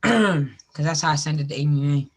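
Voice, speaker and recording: A man hosting a live stream, teasing his guests and laughing often in casual group chat. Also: on the high side. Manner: brash, teasing, quick to laugh. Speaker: stream host.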